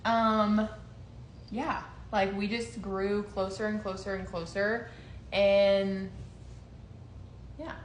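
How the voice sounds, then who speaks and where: A woman's voice: medium pitch, flat delivery, slow pace, long pauses. Young woman, storyteller, laughing, acts out quotes, roomy echo, faint noise. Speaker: co-host telling their story. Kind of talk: casual storytelling chat.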